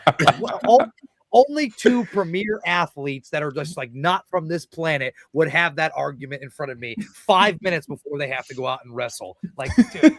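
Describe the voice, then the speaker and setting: A wrestler tells backstage stories in a loose, profane podcast chat. His voice sits a touch high and he laughs as he goes. The sound is dry and close. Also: animated, brisk, vocal fry, fairly bright tone, no room sound. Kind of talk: casual podcast storytelling.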